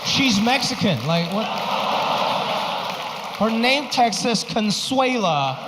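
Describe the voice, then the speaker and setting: Man, 30s, from Hong Kong, stand-up comedy, very animated, high bright voice, stage mic, reverberant hall, faint ambience. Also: very noisy. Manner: animated, exaggerated, quick punchlines. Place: large theater stage.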